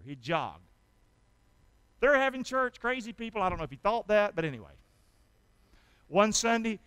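A man's voice: high voice, fairly bright tone, clear, resonant tone, dry recording. A man preaching a sermon as pastor, emphatic, asking the congregation questions and answering them himself, with scripture read aloud. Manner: reads scripture aloud dramatically.

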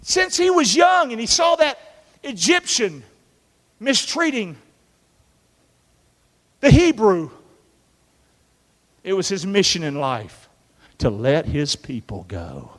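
Male pastor, lively call-and-response sermon, fairly high voice, long hall reverb. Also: slow, pauses often. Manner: animated, call-and-response preaching with acted-out biblical voices.

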